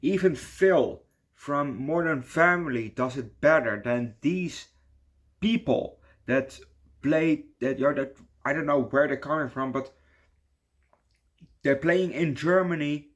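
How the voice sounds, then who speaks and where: A man's voice: on the high side, takes it slowly, a bit bright. A young man from the Netherlands with a Dutch accent, ranting casually in a movie review, swearing and saying "yo" a lot. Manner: rambling, swears a lot, says "yo" often.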